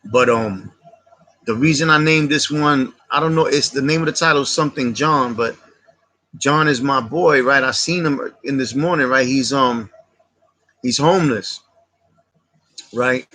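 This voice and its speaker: A man's voice: mid-range voice, measured pace, pauses often, pushed and bright. A man telling a personal street story on his channel, casual and heartfelt, heavy on slang and repetition. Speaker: channel host.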